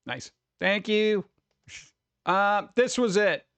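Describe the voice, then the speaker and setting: A man's voice: high-pitched, animated, slow pace, a bit bright, slight background noise. A man streaming live, chatting casually and reading news aloud with offhand jokes in a rambling way.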